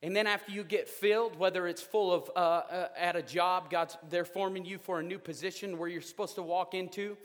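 Animated preacher in a reverberant hall. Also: male voice, high-pitched, a little fast, hardly any pauses. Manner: animated, joking, rising to loud outbursts. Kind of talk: sermon. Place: church sanctuary.

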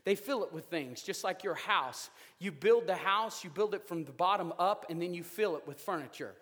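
Man, high bright voice, lively joking sermon style, echoing church hall. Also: moderate pace. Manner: animated, joking, rising to loud outbursts. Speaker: preacher. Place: church sanctuary.

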